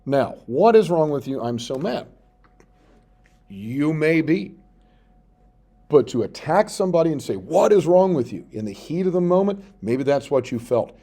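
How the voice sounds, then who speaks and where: Male teacher, mellow voice, patient step-by-step classroom explainer. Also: fairly high pitch, very animated. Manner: explains step by step, reads out sample text slowly while typing. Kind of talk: screen-recorded tutorial.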